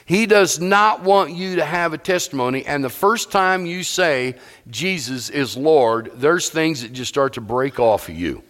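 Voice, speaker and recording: A pastor preaching a sermon, emphatic and repetitive, often asking the congregation questions. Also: male voice, fairly high pitch, expressive, unhurried, hardly any pauses, fairly bright tone, big-room sound. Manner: emphatic, repeats phrases, asks the congregation questions.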